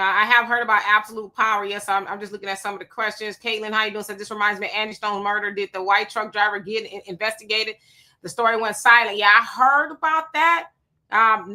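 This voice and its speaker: A woman hosting a casual livestream, reading viewer comments and answering them in an animated, preachy way. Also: medium pitch. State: sweating.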